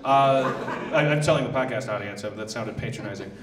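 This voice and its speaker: A man's voice: medium pitch, brisk, a crowd in the background. A man hosting a podcast before a live audience, rambling with many restarts and laughing asides. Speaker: podcast host. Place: live theater stage. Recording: echoey live room, mic at a distance.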